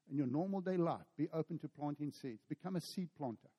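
A middle-aged South African preacher delivers a storytelling sermon, voicing the people in his story with animated energy. His voice is mellow and rounded. It rings with the long reverb of a large hall. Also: fairly high pitch, a little fast, few pauses, slightly rough. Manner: storytelling, animated, acts out dialogue.

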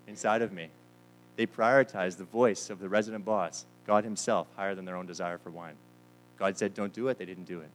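Man, deep voice, preaching, storytelling sermon, soft guitar behind. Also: fairly even intonation, fairly quick, rough recording. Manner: storytelling with quoted voices, repeats words. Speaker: pastor.

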